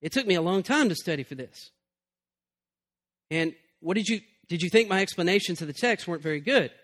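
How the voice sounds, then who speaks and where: A man acting out a young male preacher, earnest and defensive, pressing his point in a slightly raised, higher voice. He sounds stung and keeps arguing for his sermon. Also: expressive, fairly quick, fairly bright tone. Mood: protesting. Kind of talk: parable told in a sermon.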